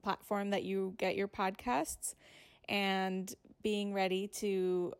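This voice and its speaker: A woman hosting a podcast, giving a steady introduction of her guests. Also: mid-range voice, slow, clean tone. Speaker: podcast host. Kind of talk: host introduction.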